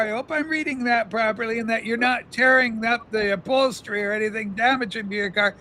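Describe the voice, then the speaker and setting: A man's voice: very high voice, steady tone, a little fast, pushed and bright, slight background noise. A man hosting a casual livestream from his car, reading chat aloud in a mock-solemn, playfully exaggerated way. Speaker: livestream host.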